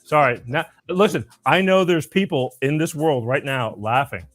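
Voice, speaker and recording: A man's voice: fairly high pitch, normal speed, a bit bright, faint music behind. Rambling male show host. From Florida. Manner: rambling, restarts, storytelling. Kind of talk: casual chat.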